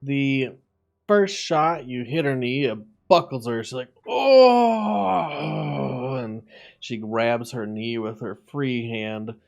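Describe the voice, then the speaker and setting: A man serving as game master, narrating a tabletop game with vivid, unhurried combat descriptions. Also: mid-range voice.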